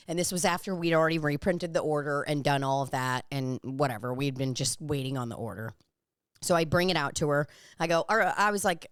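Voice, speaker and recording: A woman's voice: low-pitched, moderate pace, fairly bright tone, smooth, no echo, clean studio sound. A young woman co-hosting a podcast, rambling through a story in casual chat and swearing freely. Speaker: podcast co-host.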